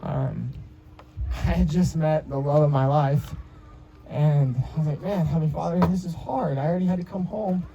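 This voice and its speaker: As the groom, a man in his twenties delivers a heartfelt personal speech, telling rambling stories full of fillers and restarts. His voice is a little high, gravelly and mellow, at a moderate pace. The recording has its highs cut off and a little hiss or hum.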